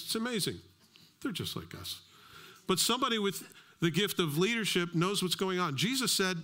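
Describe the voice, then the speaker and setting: A middle-aged male pastor giving a sermon, telling stories with lively acted-out dialogue. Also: fairly high pitch. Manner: animated storytelling, acts out dialogue.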